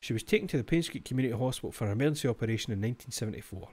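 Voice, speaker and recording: Very fast and lively in intonation, this young Scottish man speaks at a medium pitch with a slightly mellow, breathy quality. He's streaming a mystery game live, reading its text aloud with joking asides and plenty of swearing.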